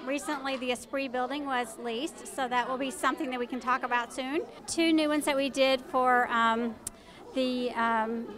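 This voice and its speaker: High-voiced woman organizer, crowd around. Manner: informative, many fillers. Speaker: event organizer. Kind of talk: on-the-street interview. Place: busy downtown street at night.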